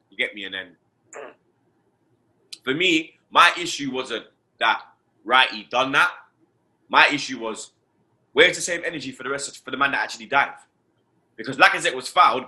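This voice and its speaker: Brash man ranting about football. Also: fairly low pitch. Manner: animated, swearing, slangy, with repeated "you understand" and "blood". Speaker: host. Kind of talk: casual football fan rant.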